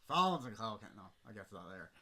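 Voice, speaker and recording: A man's voice: on the low side, sing-song, fast, pushed and bright. A man with an Irish accent telling a long, rambling story on a casual podcast. He swears freely and laughs at his own tale. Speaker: podcast host.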